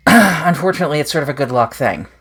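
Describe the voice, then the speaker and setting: A woman's voice: deep voice, animated, brisk, a bit bright, breathy edge. Candid self-deprecating woman YouTuber. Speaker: paranormal YouTube channel host. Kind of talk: casual direct-to-viewer chat.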